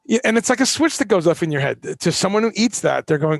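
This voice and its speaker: A man's voice: high voice, big pitch swings, fast talker, vocal fry, no room sound, studio quality. A man hosting a live-streamed solo talk, ranting with passion, swearing and firing off rhetorical questions. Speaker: host.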